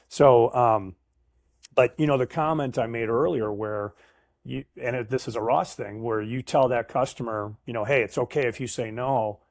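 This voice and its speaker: Middle-aged male guest, anecdotal and animated, dry close-miked sound. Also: mid-range voice, dry recording. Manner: animated storyteller, acts out quoted voices. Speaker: guest, sales professional. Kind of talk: casual storytelling interview.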